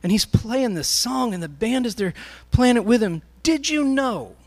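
A man's voice: extremely high pitch, very animated, moderate pace, a little mellow. A man speaking to a live congregation, telling a story in a sermon as he addresses the crowd directly.

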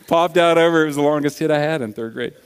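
A man preaching a sermon, telling stories in an animated way that swings from loud to hushed. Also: on the high side, fast, clean tone. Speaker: pastor. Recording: long reverb of a large hall.

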